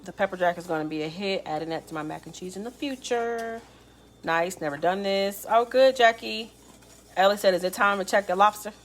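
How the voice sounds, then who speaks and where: A woman's voice: mid-range voice, a little fast, slight background noise. A woman with a Chicago accent co-hosting a live cooking class, chatting and reassuring viewers by name. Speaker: co-host reading viewer comments.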